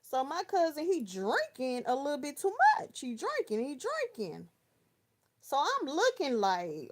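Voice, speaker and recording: Brief: woman, around thirty, from Texas, livestream host, slangy storyteller, slightly high voice. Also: sing-song, unhurried. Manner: chatty storytelling with slang, talking to viewers by name. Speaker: live chat host. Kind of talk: casual livestream chat, reading viewer comments.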